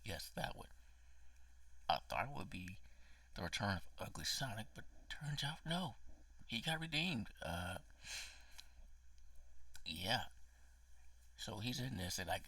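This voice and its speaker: A low, gravelly man rants through a casual movie review, swearing and getting worked up, sometimes dropping into a hoarse whisper. His voice is bright and edgy but husky, and the sound is dry, from a mic set back a little. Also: dry recording, far from the mic. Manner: emotional, profane, dramatic ranting with whispered asides. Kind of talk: casual spoken film review.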